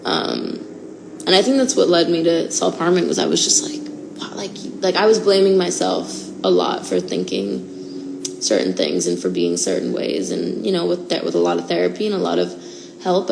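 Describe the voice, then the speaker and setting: A woman's voice: on the low side, gravelly, darkish tone, low-quality recording. A young woman in her twenties talking candidly and emotionally to fans in a casual livestream, with many fillers. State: out of breath.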